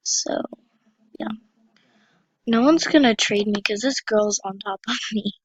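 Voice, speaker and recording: A female YouTuber chatting casually over her gameplay. She is excitable and often drops to a whisper. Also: mid-range voice, a little slow, highs cut off, a little hiss or hum. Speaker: YouTuber playing an online game.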